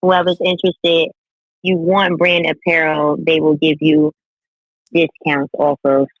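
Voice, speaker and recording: A man's voice: a little high, flat delivery, unhurried, no echo, muffled recording. A man co-hosting a livestream chat, brash and teasing. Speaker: regular co-host.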